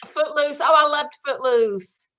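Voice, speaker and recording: A woman guest in a casual chat, enthusiastic and chiming in with quick reactions. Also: high-pitched, sharp tone. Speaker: guest, business partner.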